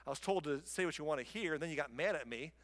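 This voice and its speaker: A man's voice: on the high side, animated, fast, a bit bright. A man acting out a weary, exasperated male prophet who talks back to a king with sarcasm. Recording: long hall reverb.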